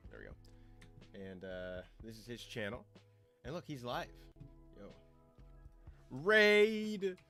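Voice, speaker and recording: A man's voice: fairly low pitch, measured pace, creaky, long pauses. A young man, casually chatting with his stream chat as host of a watch party, loose and full of fillers. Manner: loose and animated, lots of fillers, jumps between loud calls and mumbled asides. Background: soft lo-fi music.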